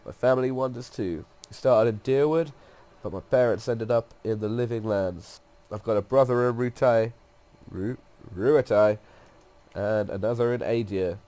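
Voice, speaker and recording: A man with a cold reads aloud the lines of a tough, restless female guide from a game, raising his voice for her and sounding a little nasal. His voice is medium-pitched and dark, at normal speed, lightly acted, delivered as a plain reading.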